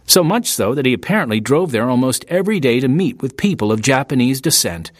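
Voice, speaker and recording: A man reading a nonfiction story aloud in a measured, expressive audiobook style. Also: mid-range voice, dry recording, clean studio sound. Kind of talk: scripted audiobook narration.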